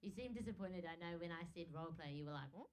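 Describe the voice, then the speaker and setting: A young woman from New Zealand with a New Zealand accent and an unusually high, squeaky voice, doing a stand-up set in a comedy club and laughing often between jokes. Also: very fast, very noisy.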